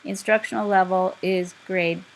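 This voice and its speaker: A woman's voice: mid-range voice, steady tone, moderate pace, vocal fry, a little hiss or hum, rough recording. A woman teaching a class, explaining step by step in a patient, direct way. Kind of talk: instructional lecture.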